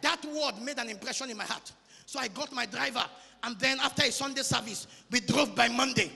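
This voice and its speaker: A man with a Nigerian accent preaching a sermon in an emphatic, sing-song way with shouted peaks. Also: very high voice, brisk, vocal fry, husky, long reverb tail. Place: large church hall.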